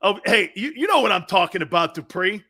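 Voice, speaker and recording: A man's voice: high-pitched, sharp tone. A man hosting a sports talk show in a blunt, profane, mocking monologue, laughing often.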